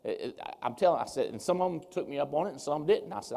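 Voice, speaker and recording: A man giving a seminar talk as a speaker, telling his story with lively, animated swings as he acts out what people said. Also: on the high side, fast, gravelly, hardly any pauses. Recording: reverberant hall.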